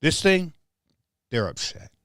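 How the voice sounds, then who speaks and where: Emphatic man with a lively voice. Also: fairly high pitch, slow pace, dry recording, clean studio sound. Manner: repetitive, restarts phrases, emphatic. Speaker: show host. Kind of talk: casual commentary monologue.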